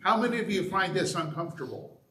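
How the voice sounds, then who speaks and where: Male pastor, sermon delivery, animated, a touch high, reverberant room. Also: fast. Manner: animated, acts out examples with shifts in loudness. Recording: echoey room.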